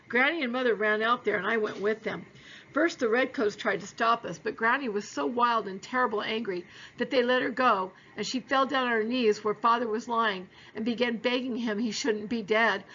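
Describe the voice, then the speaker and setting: A woman's voice: on the high side, bright, forceful tone, lo-fi sound. A woman voicing a frightened, grieving young boy who talks in a shaky, tearful, pleading way.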